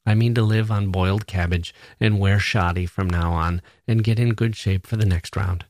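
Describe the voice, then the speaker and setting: A man's voice: deep voice, steady tone, moderate pace, darkish tone, dry recording, natural voice. A man voicing a wry young newspaper woman who is feeling ill, in a dry, understated way.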